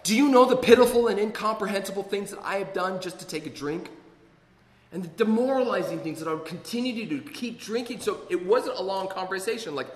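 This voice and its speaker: A man's voice: high voice, quick pace. Man telling a story in an echoey hall. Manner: rambling, self-mocking storyteller with many fillers. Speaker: speaker sharing his recovery story. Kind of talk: storytelling talk to an audience.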